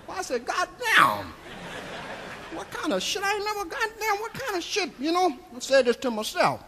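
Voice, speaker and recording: A comedian playing a crude, rambling old Southern storyteller with a Southern US accent, drawling folksy tales on a live stand-up stage. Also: male voice, extremely high pitch, lively intonation, fairly quick, heavy background noise. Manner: drawling, folksy, keeps tagging lines with "see?". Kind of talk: live stand-up character monologue.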